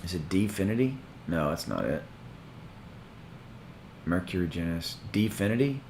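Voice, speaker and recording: Low-voiced man rambling on a crypto livestream. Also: big pitch swings, normal speed, darkish tone, slight background noise. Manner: rambling, thinks aloud while searching. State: voice starting to go. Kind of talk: casual live-stream chat.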